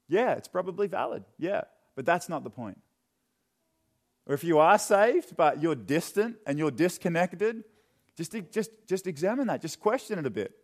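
A young man preaching a sermon in a church, chatty and joking, then dropping into quiet, earnest questions. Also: fairly high pitch, expressive, normal speed. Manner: conversational and joking, with sudden drops to quiet earnestness. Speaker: pastor. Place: church hall.

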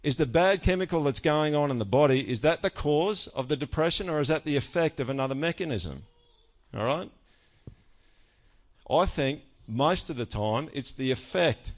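A man's voice: fairly high pitch, moderate pace. A man preaching a sermon in a conversational way, often checking in with "all right?" and joking about himself. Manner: animated with self-mocking humor. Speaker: pastor.

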